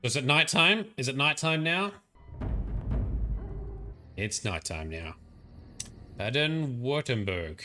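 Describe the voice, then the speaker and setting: A man's voice: medium pitch, big pitch swings, slow pace, pauses often, bright, forceful tone, faint music behind. A young man with an Australian accent, casually commenting while playing a game, playful and chatty. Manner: chatty, playful, laughing often. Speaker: let's play host.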